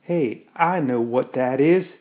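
A man's voice: mid-range voice, slow, close to an everyday voice. Bold young woman explorer, read by a man, eager and observant; narrow tinny recording. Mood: excited. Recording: tinny phone-like audio.

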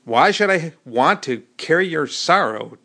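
A man's voice: a little high, lively intonation, unhurried, bright, forceful tone, voice pushed up, exaggerated voice. A man voicing a bold, teasing young frontier army wife who talks in a blunt, folksy way, in an audiobook. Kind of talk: audiobook character voice.

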